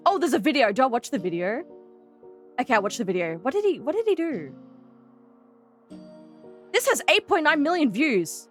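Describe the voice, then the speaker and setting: A young Australian woman streaming, chatting casually to her viewers, giggling and gasping excitedly. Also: high voice, soft background music. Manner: giggly, bubbly and excitable, quick gasps and squeals. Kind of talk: casual live-stream chat.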